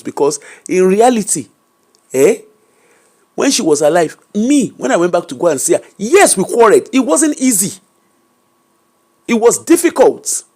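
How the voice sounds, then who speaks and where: A Nigerian woman opens up as an interview guest, her delivery animated and emphatic. She swings between English, Pidgin and Yoruba as she talks about her own life, stressing her strongest points. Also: low-pitched. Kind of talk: candid personal storytelling.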